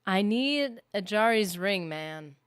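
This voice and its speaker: Rambling, animated woman streamer. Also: mid-range voice, takes it slowly, clear, resonant tone, dry recording, clean studio sound. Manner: rambling, animated, heavy use of "like". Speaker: gaming streamer. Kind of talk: casual live-stream commentary.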